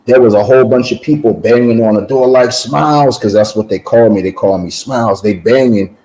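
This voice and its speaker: A man's voice: medium pitch, a little fast, mellow, rough recording. A man giving a personal testimony in casual conversation, telling his story with repeated words and acted-out voices.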